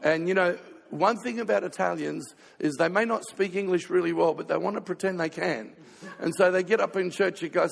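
Man preaching, playful storyteller, high gravelly voice, long hall reverb. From Australia. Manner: storytelling, playful, quick asides. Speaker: pastor. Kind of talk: sermon with comic stories.

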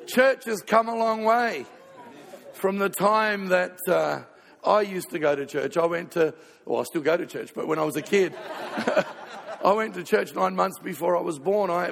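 Man preaching, playful storyteller, high gravelly voice, long hall reverb. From Australia. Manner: storytelling, playful, quick asides. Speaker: pastor. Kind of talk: sermon with comic stories.

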